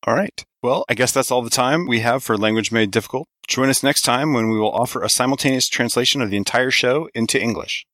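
A man hosting a casual podcast chat, wry and quick to laugh. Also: medium pitch, fairly bright tone, no room sound. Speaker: podcast host.

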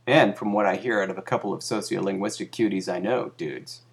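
A man giving a deadpan comic reading of a satirical article in a dry, mock-academic way. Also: fairly low pitch, brisk, creaky. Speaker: narrator.

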